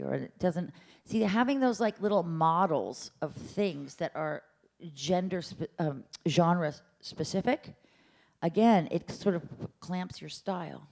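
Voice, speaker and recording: In a symposium lecture room, a woman voice teacher gives workshop instruction in a fairly low, somewhat slow voice that is creaky and a little mellow. Playful and talkative, she meows and hums to demonstrate sounds.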